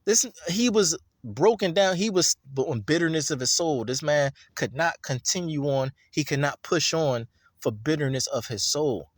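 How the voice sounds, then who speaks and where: A man's voice: a little high, dry recording, clean studio sound. A man reading scripture and breaking into an emphatic, profane, repetitive rant about it. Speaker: scripture reader and commentator.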